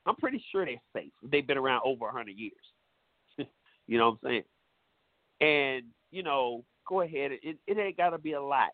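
A man's voice: medium pitch, expressive, moderate pace, no room sound. A man hosting a talk show, giving blunt, profane advice in a preachy, casual monologue. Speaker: radio show host. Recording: tinny phone-like sound.

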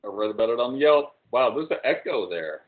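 A man's voice: mid-range voice, animated, a little fast. A man co-hosting a podcast, chiming in with wry reactions and short quips in casual chat. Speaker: podcast co-host. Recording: phone-like lo-fi audio with faint noise.

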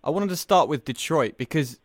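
A man's voice: a little high, animated, fairly quick, dry recording, studio quality. A man hosting a sports podcast, talking in an upbeat, chatty way. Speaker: podcast host. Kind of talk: casual sports podcast chat.

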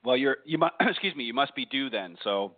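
A man hosting a radio interview, loose and halting with many restarts. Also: medium pitch, animated, no room sound. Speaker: radio show host. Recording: tinny phone-quality line.

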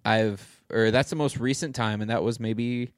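A man's voice: lowish voice, fairly even intonation, moderate pace, no room sound, clean studio sound. A man in his thirties co-hosting a podcast, chatting candidly and laughing easily. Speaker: podcast co-host. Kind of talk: casual chat.

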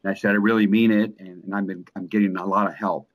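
A middle-aged man giving an earnest, emotional testimonial, speaking haltingly with many restarts and repeated words. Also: low voice, level tone, narrow, tinny audio. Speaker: coaching client. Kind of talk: personal testimonial in conversation.

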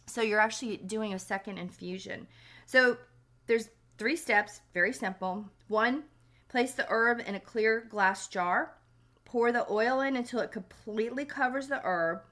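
A woman hosting a podcast with a scratchy, slightly hoarse voice, explaining remedies step by step in a practical, instructional way. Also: medium pitch, bright, forceful tone. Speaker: podcast host.

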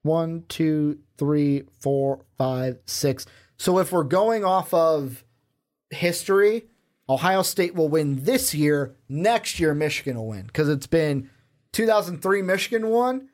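A man's voice: fairly high pitch, expressive, slow. A young man co-hosting a sports podcast in casual chat, quizzing his partner with rambling asides. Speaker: podcast co-host.

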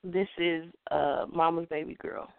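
Over a tinny, dry phone line, a woman calls in to recite a spoken-word poem she wrote, her delivery rhythmic, rhyming and conversational. Her voice sits low and sounds gravelly yet clear and resonant, with fairly even intonation and a measured pace. There's no echo.

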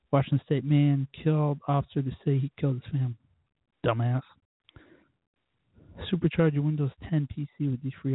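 A man's voice: mid-range voice, husky, no room sound. A man hosting a podcast alone, rambling and profane, with mimicked voices and sound effects. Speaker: podcast host. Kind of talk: casual solo monologue. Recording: tinny phone-like lo-fi sound.

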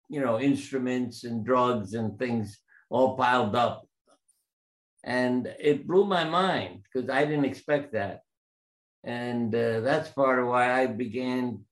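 Older guy, ex-surgeon, tells animated stories in an interview, does the voices of people he quotes. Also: medium pitch, poor audio. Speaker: guest surgeon and author. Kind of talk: storytelling interview.

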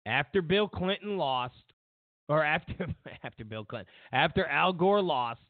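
A man's voice: on the high side, lively intonation, unhurried, no echo. A man hosting a political commentary show, mocking and sarcastic, repeating lines for emphasis. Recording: tinny phone-like sound.

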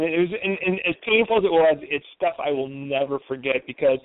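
A man's voice: a little high, fairly quick, no echo. Earnest man on a tinny phone line. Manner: earnest, reflective, with frequent restarts. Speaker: guest. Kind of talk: conversational interview.

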